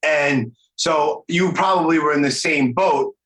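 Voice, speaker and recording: A man's voice: fairly high pitch, measured pace, a bit bright, reverberant, rough recording. A middle-aged man with a New York accent, hosting a podcast in loose, rambling chat over a video call. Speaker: podcast host. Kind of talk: casual interview chat.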